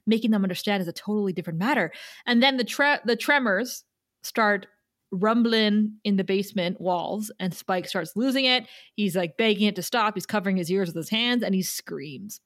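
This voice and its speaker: A woman's voice: mid-range voice, fairly bright tone, no echo, clean studio sound. A woman co-hosting a podcast, casually recapping an episode with chatty asides. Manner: chatty retelling, quick asides. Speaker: podcast co-host.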